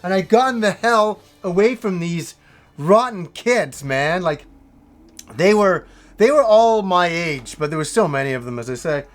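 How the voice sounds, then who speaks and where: A man in his thirties with a high voice tells a story to camera. He rambles, swears freely and restarts his sentences. Faint music plays underneath. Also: lively intonation, a little slow. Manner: rambling, profane, full of restarts. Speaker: host of a retro video game show.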